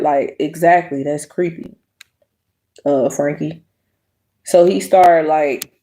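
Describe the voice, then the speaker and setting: Blunt, profane woman telling a story. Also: on the low side. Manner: blunt, profane, animated quoting. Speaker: host. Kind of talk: casual storytelling to viewers.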